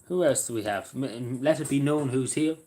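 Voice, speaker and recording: A man's voice: mid-range voice, fairly quick, warm tone. A man chatting casually to his livestream viewers, rambling and hesitant with many fillers and restarts. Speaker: livestream host. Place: at home in a squeaky chair.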